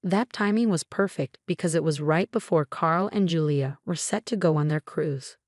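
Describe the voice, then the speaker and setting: A woman narrating a first-person story in a steady, matter-of-fact way. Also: sits low, moderate pace, no room sound, clean studio sound.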